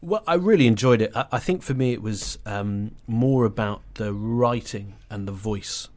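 A man on a podcast panel talking over a novel, halting and restarting often as he thinks aloud. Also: on the low side, a little mellow. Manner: halting, with many restarts and fillers. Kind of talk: casual book club discussion.

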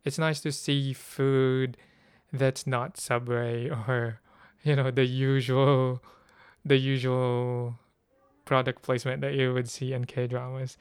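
A man's voice: mid-range voice, level tone, takes it slowly, clear, resonant tone, no echo. A man from the Philippines, hosting a casual solo podcast and thinking aloud with many fillers. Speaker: podcast host.

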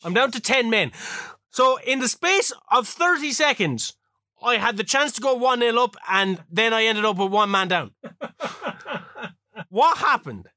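A man co-hosting a casual chat show, swearing freely and laughing often as he tells animated stories. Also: very high-pitched, measured pace, dry recording, studio quality. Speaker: podcast co-host.

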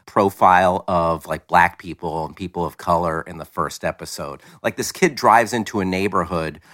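A man's voice: deep voice, moderate pace, a bit bright. A man co-hosting a podcast in casual review chat, opinionated but hedging with fillers. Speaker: podcast co-host.

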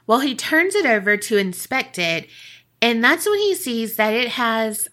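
A woman's voice: fairly high pitch, very animated, a little slow, a bit bright. A woman co-hosting a podcast, telling a story in casual, profane chat full of "like" and "you know", often giggling. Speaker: podcast co-host.

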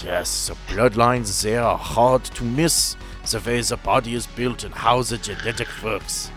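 A man voices an older, thin doctor with a German accent, courtly and curious, who often ends remarks with a questioning "yes?". The mood is genial, and the acting is light. His mid-range, slightly bright voice keeps a measured pace over soft background music.

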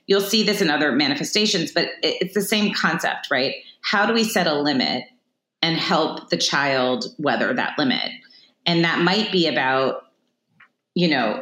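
A woman's voice: deep voice, a bit bright. A woman hosting a podcast, thinking aloud in a casual, thoughtful way. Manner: thoughtful, talks it through aloud. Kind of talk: casual conversation. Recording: roomy echo.

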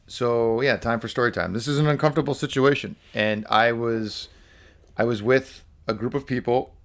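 A man telling a workplace story in casual conversation, animated and full of fillers like "like" and "so". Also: on the low side, smooth. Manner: animated storyteller acting out quotes, many fillers. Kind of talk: casual podcast chat.

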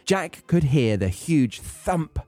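A man's voice: a little high, big pitch swings, slow pace, dark tone, no room sound. A British man hosting a podcast, reading a children's story aloud with wry, joking asides. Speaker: podcast host. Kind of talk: story reading with comic commentary.

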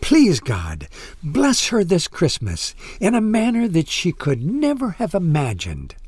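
A man's voice: high-pitched, wildly swooping pitch, unhurried, a little mellow, breathy edge, no room sound, pitched above the performer's own voice, exaggerated voice. A man playing an earnest, kind-hearted pastor. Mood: prayerful. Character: kindly middle-aged male pastor, earnest.

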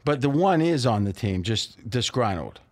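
A man's voice: medium pitch, sing-song. A man hosting a sports betting talk show, cracking jokes and wandering into rambling asides. His talk is loose and conversational, and he cuts in on his co-hosts. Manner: joking, interrupting, quick rambling banter.

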